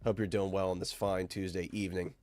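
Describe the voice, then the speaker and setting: A man hosting a live stream while sick, sounding nasal and stuffed up, upbeat and shouting out chat viewers. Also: low-pitched, flat delivery, fast talker, no echo. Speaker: host.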